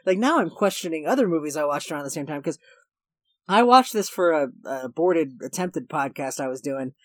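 A man's voice: a little high, lively intonation, fairly quick, fairly bright tone, dry recording, clean studio sound. A man co-hosting a casual podcast, rambling through a movie recap with restarts and laughs. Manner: rambling, self-correcting, laughs while recapping. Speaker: podcast co-host.

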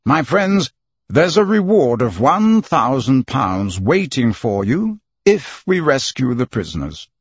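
Guy reading calm stiff english gentleman, husky, lively pitch, dull dry sound. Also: no room sound, full character voice. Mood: cool. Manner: measured, clipped, slow.

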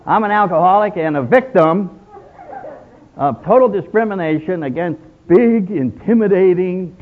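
A man's voice: a little high, slight background noise, voice pushed up. A man voicing a brash, boastful biker. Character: big tattooed male biker, brash. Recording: tinny phone-like sound.

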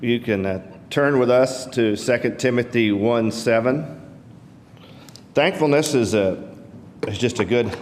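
A man opening a church service in a plain, slightly halting way. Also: mid-range voice, long reverb tail, a little hiss or hum.

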